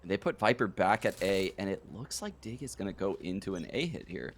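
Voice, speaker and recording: A young man giving colour commentary on an esports match, excitable and quick to laugh. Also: low voice, a little hiss or hum. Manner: excitable, animated, laughing easily. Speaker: esports analyst caster.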